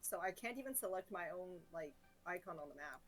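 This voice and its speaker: Woman player at the tabletop, bright ringing voice, faint music underneath. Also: lowish voice, animated, brisk. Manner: playful, casual. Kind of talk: tabletop game play.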